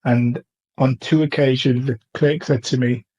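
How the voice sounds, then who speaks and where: A man's voice: mid-range voice, fairly even intonation, a little slow, darkish tone, highs cut off. A man from England telling of a court visit in a casual, earnest way, with many ums and restarts. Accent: English. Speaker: testimony speaker. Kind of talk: casual first-person account.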